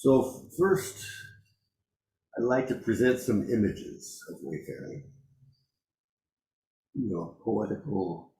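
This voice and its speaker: A man giving a dharma talk as a Zen teacher, reflective and unhurried, pausing often and laughing softly. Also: lowish voice, reverberant, rough recording. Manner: slow, reflective, with frequent pauses and soft laughs.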